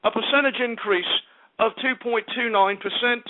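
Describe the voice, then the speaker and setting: A man voicing a plummy male English market announcer in a put-on English accent, reading figures slowly and formally over a tinny, phone-like radio line. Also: very high-pitched, fairly even intonation, a little hiss or hum.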